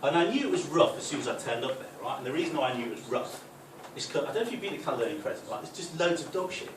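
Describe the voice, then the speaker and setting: Brief: male comic, slightly high voice, chatty and rambling, recorded from far off in an echoey club room. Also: lively intonation, racing, noisy background. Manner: rambling, conversational, with restarts and "right?" asides. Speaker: stand-up comedian. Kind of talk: live stand-up set. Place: football club function room, live audience.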